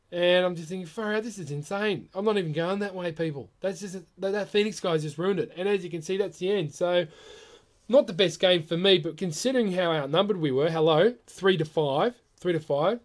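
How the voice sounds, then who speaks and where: A man commenting over his own gameplay in an animated, exasperated way, his voice jumping up when he gets worked up. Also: high voice.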